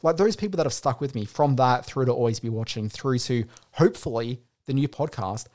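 A man's voice: mid-range voice, lively intonation, brisk, few pauses. A man hosting a podcast, talking in a chatty, rambling, heartfelt way, with faint music behind. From Australia. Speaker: podcast host. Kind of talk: casual podcast monologue.

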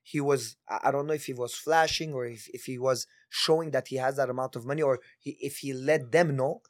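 A man's voice: medium pitch, fairly even intonation, fairly quick, no echo, studio quality. A man with a Quebec French accent in casual chat, arguing earnestly and stopping to search for his words.

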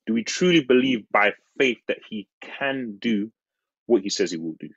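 Husky-voiced man preaching a sermon. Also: animated, no echo, dull audio. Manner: earnest, slows on key phrases, laughs and jumps high acting out the disciples.

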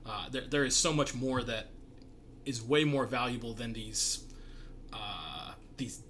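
A man's voice: mid-range voice, a little slow, fairly bright tone, slight background noise. A man hosting a podcast, talking earnestly and reflectively with frequent laughs. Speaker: podcast host. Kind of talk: casual podcast conversation.

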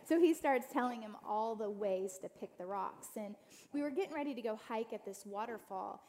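A woman's voice: mid-range voice, moderate pace, darkish tone, a little hiss or hum. A woman giving an inspirational church talk as a guest speaker, telling family stories and speaking straight to her listeners. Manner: storytelling, addresses the audience directly; acts out quoted family voices.

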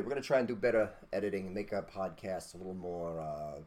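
A man's voice: low-pitched, fast, a little mellow. A man hosting a podcast, talking in a blunt, preachy, casual rant with mild cursing and a habit of asking "okay?". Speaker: podcast host.

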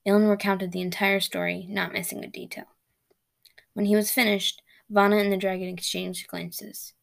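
A young woman reads her own fantasy story aloud on her podcast, steady and casual. Her voice has a noticeable gravelly fry, sitting at an ordinary middle pitch. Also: moderate pace.

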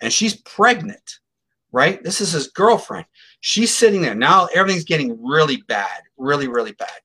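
A man's voice: fairly high pitch, normal speed, breathy edge. A middle-aged man speaking as an interview guest, telling a case story in a casual, emphatic way and acting out what others said. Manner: animated, emphatic, acts out quotes.

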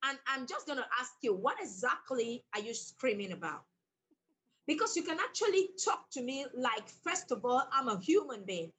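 Husky-voiced woman, emphatic. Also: sits high, sing-song, moderate pace, a bit bright, rough recording. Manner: emphatic, bold, laughs often. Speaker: author and guest. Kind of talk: animated storytelling in conversation.

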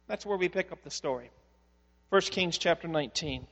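A male pastor preaching a sermon, telling a story in a conversational, animated way. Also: a little high, moderate pace, in a large hall.

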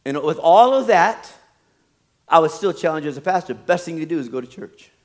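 A man's voice: a little high, lively intonation, brisk. A man preaching a sermon as a pastor, telling stories with laughter and acting out other people's voices.

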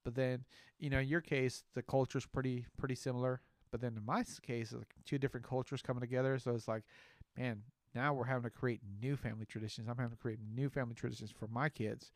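A man in his thirties chats on a podcast and tells stories with lively energy. His voice sits at a medium pitch, and the recording is close and dry with no room sound. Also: fast talker, no room sound. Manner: animated storyteller, acts out quoted voices. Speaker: podcast co-host. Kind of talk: casual chat.

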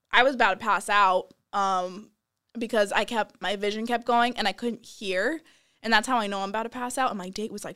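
With a voice on the high side, a young woman tells a story in a relaxed, lively way. She laughs a lot and acts out other people's words.

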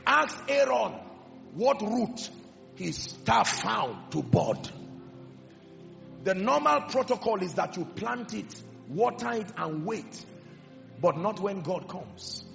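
High lively preacher guy, gravelly edge, booming then hushed, echoey hall with music under it. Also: slow pace. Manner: impassioned, swinging from loud declarations to hushed emphasis. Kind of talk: sermon. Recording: echoey hall with music behind, dull sound.

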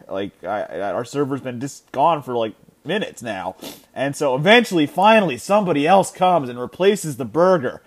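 A man of thirty hosting his own sports podcast from home, telling stories in a lively, rambling way with many restarts. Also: on the high side, moderate pace. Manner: animated storytelling, many restarts and filler words. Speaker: podcast host. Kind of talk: casual solo sports podcast chat. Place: his house.

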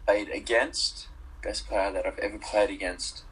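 A young man from Zimbabwe, a rugby player, chatting casually as an interview guest on a call, relaxed and hesitant with many ums. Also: fairly low pitch, a little slow, husky, rough recording.

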